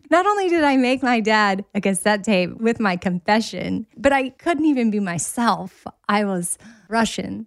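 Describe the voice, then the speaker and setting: Laughing, animated woman chatting. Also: fairly high pitch, a little slow, dry recording. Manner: animated storyteller, laughs often. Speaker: podcast co-host. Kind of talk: casual chat.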